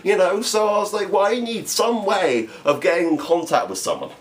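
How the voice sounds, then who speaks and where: Young English man, amateur stand-up; animated delivery with lively pitch, quick laughs, restarts. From England. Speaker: amateur comedian. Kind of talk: storytelling comedy monologue.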